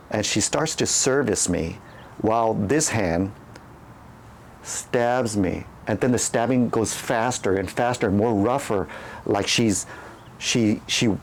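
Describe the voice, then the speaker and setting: A man's voice: medium pitch, a little hiss or hum. Man rambling through a candid story. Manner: rambling, candid, with repeated words and restarts. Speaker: channel host. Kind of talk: casual personal storytelling.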